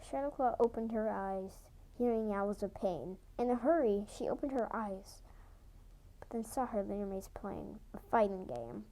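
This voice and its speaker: A young woman reading her own fan story aloud, halting now and then to correct herself. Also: medium pitch, mellow, rough recording. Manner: halting amateur reading with restarts. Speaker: fan audiobook reader.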